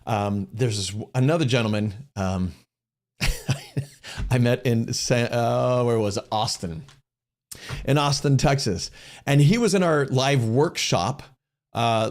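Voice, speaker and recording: A middle-aged man hosting a casual question-and-answer session, talking at a medium pitch for a man. He explains step by step in an easygoing, conversational way, often restarting his phrases. He slips into little voices to act out the dialogue he quotes. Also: darkish tone. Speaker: host answering viewer questions.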